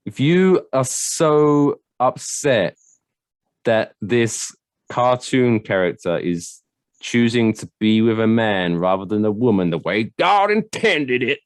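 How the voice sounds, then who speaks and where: Male podcast co-host, mid pitch, dry close sound; sarcastic, exasperated. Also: dry recording. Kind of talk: casual chat.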